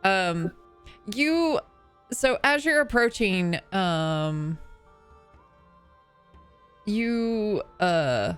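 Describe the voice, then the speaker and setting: A woman's voice: medium pitch, expressive, extremely slow, long pauses, smooth, soft background music. A woman narrating as game master of a tabletop game, hesitant and full of fillers.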